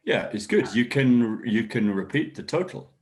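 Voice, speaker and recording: A man teaching an online English workshop, encouraging learners and modeling sentences with clear stress. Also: mid-range voice, animated, normal speed, a little mellow. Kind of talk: online class instruction.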